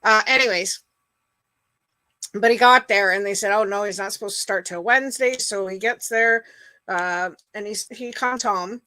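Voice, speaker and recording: Speaking at normal speed in a bright, forceful mid-range voice, a middle-aged livestream host rambles chattily to her live viewers, full of fillers, and greets them by name. The recording is dry.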